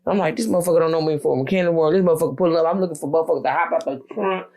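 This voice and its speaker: A man's voice: a little high, rapid-fire, vocal fry, a little mellow. A man hosting a podcast interview, brash and profane, joking and affirming his guest often. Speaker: podcast host. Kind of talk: casual interview chat.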